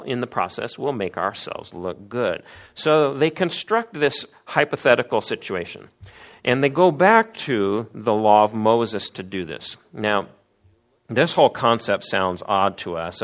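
Male preacher, lowish voice, emphatic sermon delivery that acts out the quoted voices. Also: fairly bright tone.

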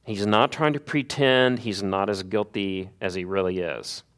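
Earnest lower-voiced man preaching. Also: measured pace, fairly bright tone, smooth. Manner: earnest, rhetorical questions, dips low at phrase ends. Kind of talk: sermon retelling a Bible story.

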